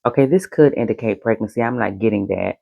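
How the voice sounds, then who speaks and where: A tarot reader hosting a recorded reading, talking playfully in a drawn-out sing-song way while thinking aloud over the cards. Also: medium pitch, vocal fry, no room sound, phone-quality sound.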